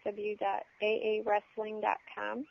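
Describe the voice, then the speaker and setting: A woman guest on a casual podcast, a model, giving brief unhurried replies. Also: mid-range voice, monotone, vocal fry. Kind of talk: casual interview chat. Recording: dull lo-fi audio.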